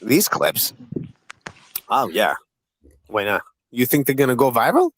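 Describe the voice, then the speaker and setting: A man hosting a live-stream panel in casual chat. He swears constantly and needles the other guests with rapid-fire questions. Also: medium pitch, wildly swooping pitch, slightly rough, low-quality recording.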